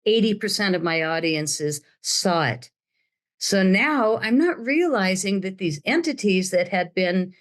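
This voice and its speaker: An older woman telling her story as an interview guest, dramatic and acting out the voices of others. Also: medium pitch. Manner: dramatic, acts out quoted voices.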